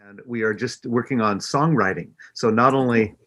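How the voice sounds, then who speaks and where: A man's voice: mid-range voice, normal speed, a bit bright. A man hosting an interview, chiming in briefly and in a friendly way. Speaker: host. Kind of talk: casual interview chat.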